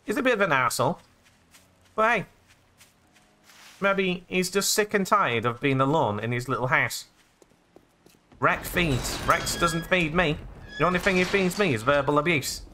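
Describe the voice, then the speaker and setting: An English man narrating a survival game as a jokey role-play, describing what he does as he goes. His voice is bright and a little high, swinging up and down with lively energy. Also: normal speed, long pauses, slight background noise. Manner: playful, jokey, narrates his own actions in past tense. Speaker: gaming channel host.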